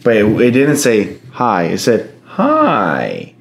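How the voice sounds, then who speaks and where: A man's voice: on the low side, moderate pace, a little hiss or hum. A man casually telling a story among friends, slangy and swearing freely.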